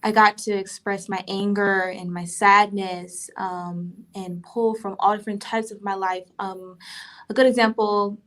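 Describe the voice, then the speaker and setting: Woman author, mid-pitched and reflective, earnest pauses; interview guest. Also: level tone, a bit bright. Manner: thoughtful, earnest, many pauses with "um".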